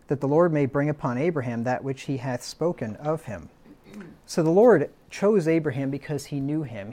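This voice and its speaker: A man preaching a verse-by-verse sermon, working through word definitions in a deliberate way and often asking "right?". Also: on the high side, dark tone. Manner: deliberate, lists synonyms, asks "right?".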